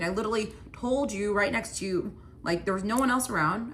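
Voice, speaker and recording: A woman's voice: medium pitch, expressive, fast talker, few pauses, fairly bright tone. Chatty young woman telling a story. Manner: chatty, fillers of "like", acts out quotes. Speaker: storytime vlogger. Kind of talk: casual storytime.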